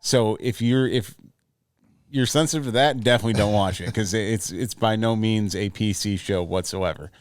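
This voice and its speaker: A man's voice: lowish voice, moderate pace, no echo, clean studio sound. A man co-hosting a podcast, chatting casually and telling a long, stammering story. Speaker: podcast co-host. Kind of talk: casual chat.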